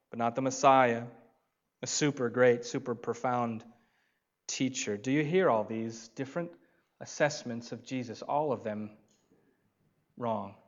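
Pastor, male, mid-pitched, emphatic sermon delivery with slow pauses, slightly dull lo-fi sound. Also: a bit bright.

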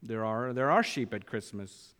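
A man's voice: mid-range voice, expressive, moderate pace, a bit bright. A man preaching a sermon, repeating key phrases for emphasis and reading scripture aloud with mounting force. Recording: long hall reverb.

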